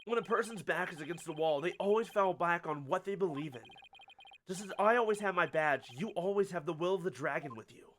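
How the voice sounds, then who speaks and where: A man's voice: high voice, animated, fairly quick, a bit bright, slight background noise. A man reading an earnest young game lawyer. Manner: earnest, pressing questions. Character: earnest young male defense lawyer, persistent.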